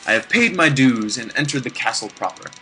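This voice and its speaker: A man's voice: medium pitch, expressive, fairly quick, pushed and bright, slight background noise. A man voicing a proud young prince reading his own journal, in a put-on accent that keeps shifting. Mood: proud, solemn. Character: earnest young male prince writing a journal.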